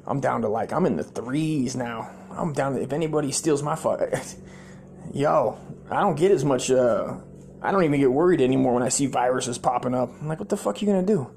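A former sailor hosting a comedy podcast, telling a long story in a rambling, heavily profane way and acting out the people in it. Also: male voice, medium pitch, a little hiss or hum. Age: adult, former sailor. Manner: profane, rambling, animated quoted voices.

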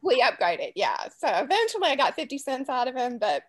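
A middle-aged woman from Louisiana with a Southern US accent, talking as a guest in a relaxed interview. Her voice sits a bit high. She rambles, restarts her sentences and laughs easily. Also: quick pace. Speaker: guest author. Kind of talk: casual interview chat.

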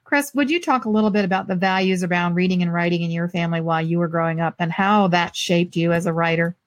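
A woman's voice: lowish voice, fast talker, dry recording. A woman hosting a live talk show, upbeat and keeping things moving. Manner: upbeat, moves things along. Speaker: host.

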